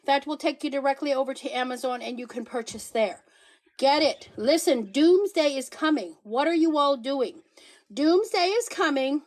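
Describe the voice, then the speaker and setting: A middle-aged woman hosting a casual live stream, demonstrating a product in a chatty, repetitive way with a joking hard sell. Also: sits high. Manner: chatty, repeats herself, jokey hard sell. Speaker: TikTok live seller.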